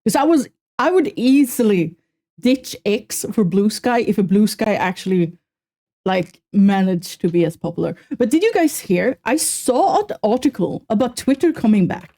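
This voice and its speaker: A young woman streaming, chatting casually and self-mockingly with her viewers in quick exclamations. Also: medium pitch, lively intonation, dark tone. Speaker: streamer reacting to a video. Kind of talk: casual live-stream chat.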